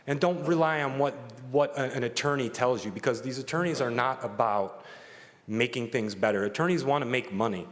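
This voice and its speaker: A man giving an earnest, halting public comment at a council meeting, speaking emotionally. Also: medium pitch. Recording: reverberant meeting hall.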